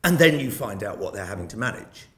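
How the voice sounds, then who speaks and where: Older British male guest lecturer, anecdotal and self-mocking, lively delivery. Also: lowish voice, quick pace. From Britain. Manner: wry storyteller with self-mocking jokes. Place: lecture hall. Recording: roomy hall sound.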